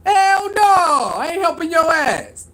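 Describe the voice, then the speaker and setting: A man voicing a brash young male football player who shouts, laughs and brushes off a request with crude slang. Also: extremely high pitch, sing-song, slow pace, pitched above the performer's own voice, heavily acted. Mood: mocking.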